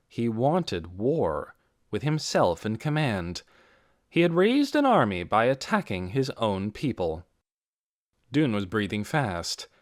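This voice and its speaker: A man narrating an audiobook in a measured, dramatic storytelling manner. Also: on the low side, no echo, clean studio sound. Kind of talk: scripted narration.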